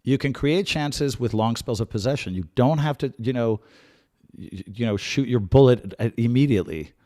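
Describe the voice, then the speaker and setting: A man's voice: mid-range voice, moderate pace. Chatty man giving live fan commentary. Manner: calm tactical analysis with sudden excited outbursts; chatty, repeats himself and restarts phrases. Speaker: host of a live match watch-along.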